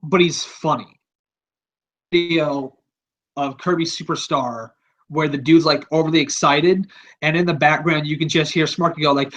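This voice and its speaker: A man's voice: a little high, steady tone, moderate pace, fairly bright tone, low-quality recording. A man hosting a podcast, talking in a rambling, offhand, casual way and swearing freely. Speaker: podcast host.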